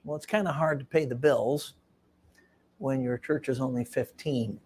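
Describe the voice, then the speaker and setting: A man preaching a sermon, telling a revival story with lots of fillers and dropping to a hush for emphasis. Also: mid-range voice, moderate pace, a little hiss or hum. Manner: animated storytelling with frequent fillers, drops to hushed tones for emphasis.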